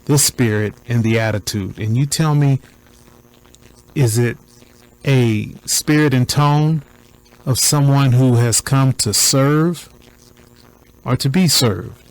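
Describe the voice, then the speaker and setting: A man commenting on a recording in a deliberate, preacher-like cadence, repeating points for emphasis. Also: mid-range voice, poor audio.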